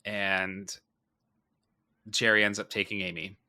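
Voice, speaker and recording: A man's voice: on the low side, flat delivery, slow, pushed and bright. A man hosting a podcast, recapping a film in loose, profane casual chat and laughing often. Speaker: podcast host.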